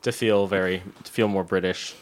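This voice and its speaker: A man's voice: deep voice, steady tone, normal speed. A man co-hosting a podcast in casual chat, asking questions and laughing often. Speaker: podcast co-host.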